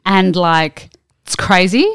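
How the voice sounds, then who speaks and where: Chatty woman, smooth low voice. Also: takes it slowly, fairly bright tone, no room sound, clean studio sound. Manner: chatty storyteller, frequent "like" fillers. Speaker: podcast co-host. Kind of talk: casual chat.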